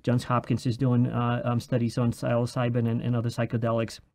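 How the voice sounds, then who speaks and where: A man hosting a podcast, framing questions with many pauses and fillers. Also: medium pitch, completely flat delivery, a little mellow, no room sound. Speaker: podcast host. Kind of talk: interview questions and chat.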